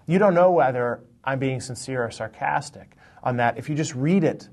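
A man's voice: mid-range voice, normal speed, darkish tone. A man, a professor who is a guest on a radio show, explaining his research thoughtfully with everyday examples. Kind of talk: explanatory interview talk. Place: in Chicago.

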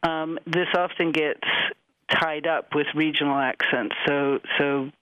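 A man's voice: on the high side, steady tone, measured pace, pushed and bright, clean tone, no echo, low-quality recording. A man from the United States, a linguistics professor answering radio interview questions in a thoughtful, explanatory way with many fillers and restarts.

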